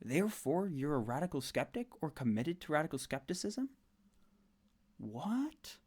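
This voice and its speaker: A man delivers reaction commentary with sarcastic disbelief. His voice sits a little high and jumps around animatedly, rising in exasperation as he picks apart an argument. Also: animated, fairly quick, darkish tone. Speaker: commentator on a debate.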